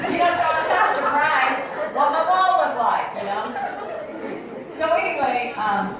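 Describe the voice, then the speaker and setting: Woman, church speaker, storytelling, laughing, acting out voices, distant mic, big echo, faint room hum. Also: mid-range voice. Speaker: speaker at a singles ministry event. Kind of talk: storytelling talk to an audience. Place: church hall with audience.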